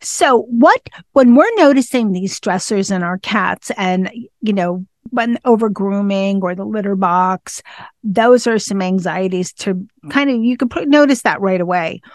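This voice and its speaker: A woman's voice: medium pitch, lively intonation, a little slow, no echo. A woman hosting a pet podcast, asking questions in a chatty, conversational way. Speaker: podcast host. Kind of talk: casual interview chat.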